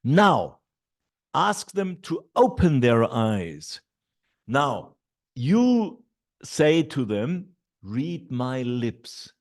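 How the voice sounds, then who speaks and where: Man, middle-aged, teacher trainer, slow delivery, animated pitch, lots of ums. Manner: explains classroom steps slowly, with many fillers and repeated et ceteras. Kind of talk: online teacher training talk.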